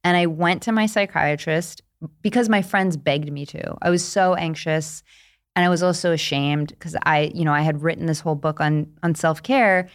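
Candid lower-voiced woman author. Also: moderate pace. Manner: candid storytelling, animated, acts out quotes. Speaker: author and guest. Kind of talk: casual interview chat.

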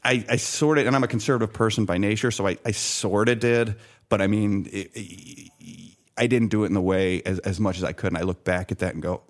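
A man's voice: fairly low pitch, brisk. A middle-aged man telling a story in conversation, acting out what others said and restarting his sentences often. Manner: animated anecdote teller, acts out quoted voices, many restarts. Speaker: guest, former bank sales desk worker.

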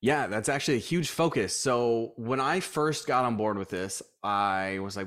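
Speaking at a normal rate with barely a pause, a man with a fairly low voice appears as a guest in a laid-back interview. He runs a gym and animates his stories by voicing the dialogue of the people involved.

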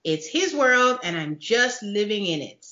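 A woman hosting a casual recap chat, animated and laughing often as she retells scenes. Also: medium pitch, a little slow. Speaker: podcast host. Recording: dull lo-fi echoey room.

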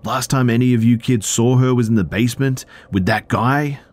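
A man voicing an enraged father who shouts to protect his little daughter. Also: medium pitch, moderate pace, pitched above the performer's own voice, close to an everyday voice. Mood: furious. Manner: yelling, raised.

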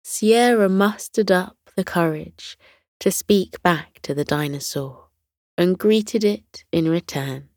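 Woman, bedtime storyteller, very slow, soothing, lowish voice, dry close sound. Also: no echo. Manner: gentle and unhurried, dropping to a whisper in hushed moments.

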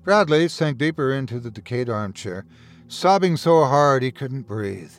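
Male horror podcast narrator, dramatic reading, animated pitch. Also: measured pace, faint music behind. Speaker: storyteller and podcast host.

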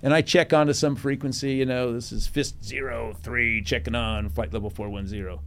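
A man's voice: medium pitch, fairly quick. An older man, a retired Navy captain, telling stories in a podcast interview, acting out quotes and laughing often. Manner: animated storyteller, acts out quotes, laughs often.

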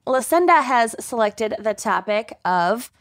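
A woman's voice: fairly high pitch, expressive, measured pace. A woman co-hosting a podcast in casual chat, joking about herself in a laid-back way. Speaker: podcast co-host.

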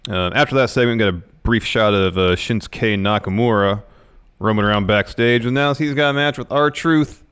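A man co-hosting a podcast, calmly recounting wrestling matches play by play in casual chat. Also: lowish voice, normal speed, clear, resonant tone. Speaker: podcast co-host.

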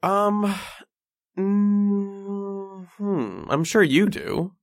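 A young man co-hosting a podcast in casual comedic chat, teasing, reacting fast and laughing often. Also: sits high, no room sound, studio quality. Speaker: podcast co-host.

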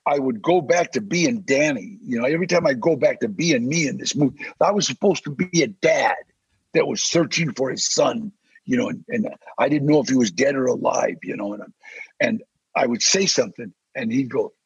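An older man, a podcast guest, telling animated stories in a casual interview and acting out the voices he quotes. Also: mid-range voice, brisk, no echo. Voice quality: gravelly, husky. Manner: animated, acts out quoted voices, growls threats. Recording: dry, slightly dull sound.

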